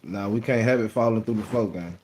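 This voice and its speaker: Speaking fairly quickly in a lowish voice, this livestream host banters casually with his audience, repeating himself and ribbing commenters he addresses as "gang." It's a phone recording with background noise.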